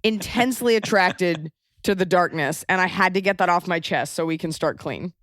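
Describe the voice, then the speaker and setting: A woman's voice: lowish voice, moderate pace, a bit bright, no room sound, studio quality. A woman hosting a podcast interview, chatting in a playful, gushing way. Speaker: podcast host. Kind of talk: casual interview chat.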